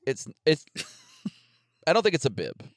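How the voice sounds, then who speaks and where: A man's voice: a little high, huge pitch swings, measured pace, no echo, studio quality. A man co-hosting a podcast in casual, comedic chat, rambling and jokey, often trailing off and restarting. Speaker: podcast co-host.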